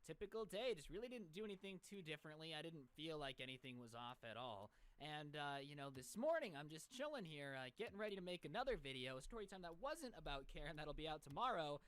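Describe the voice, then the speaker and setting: A man's voice: a little high, lively intonation, fast, few pauses, a bit bright, smooth, no room sound. A man in his twenties telling a story-time vlog in an exasperated, ranting way. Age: 20s.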